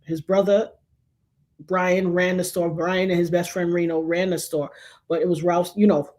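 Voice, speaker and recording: A woman in her fifties from New York, hosting a show and telling a long story in casual chat, animated and dramatic with loud outbursts. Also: fairly low pitch, moderate pace. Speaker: show host.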